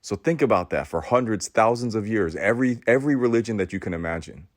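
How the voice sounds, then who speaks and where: A man giving an impassioned podcast monologue in a preachy, intense way, repeating words for emphasis and swinging between loud outbursts and hushed passages. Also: on the low side, lively intonation, fast, no echo, clean studio sound. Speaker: podcast host.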